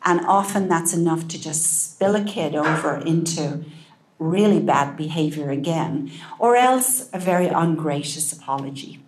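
A woman giving a calm, gentle talk to parents, often dropping to a soft hush. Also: deep voice, a little hiss or hum. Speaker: parenting speaker. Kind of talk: talk to an audience.

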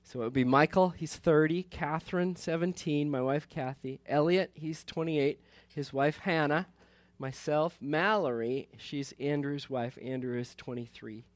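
Here a pastor in his fifties talks loosely from the pulpit in a somewhat high voice, keeping a measured pace with few pauses. There's no room sound. He's rambling and good-humored, often starting sentences over and laughing.

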